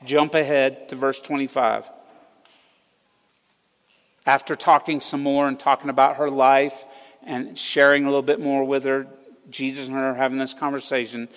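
A man preaching a sermon as pastor, retelling a story with animated, emphatic delivery that rises on key words. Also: mid-range voice, normal speed, pauses often, long reverb tail, dull audio. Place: church hall.

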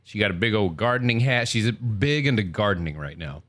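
A man trading quick wisecracks in casual podcast banter. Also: lowish voice, expressive, fairly bright tone.

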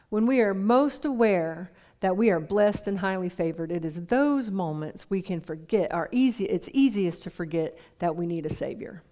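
A woman's voice: mid-range voice, darkish tone. A woman preaching a sermon in a conversational way, putting questions to the congregation.

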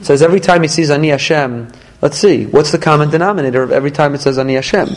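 A fairly high, middle-aged man's voice gives a Torah class to a small room of listeners, speaking with emphatic energy and sudden lifts in pitch. A faint hum of room noise sits beneath his speech. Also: rapid-fire, low-quality recording. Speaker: rabbi teaching a class. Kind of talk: Torah lesson to a live audience.

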